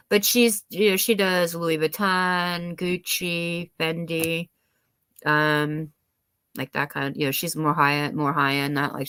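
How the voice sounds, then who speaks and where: A woman's voice: on the low side, bright, forceful tone, clear, resonant tone, no room sound. A woman chatting casually on her live stream, rambling with lots of fillers and restarts, her nose a little stuffy. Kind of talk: casual chat.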